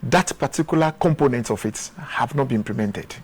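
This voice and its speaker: A man's voice: mid-range voice, brisk, husky. A man with a Ghanaian English accent, speaking as a guest in a studio interview, earnest and often repeating words as he restarts. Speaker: guest, former official.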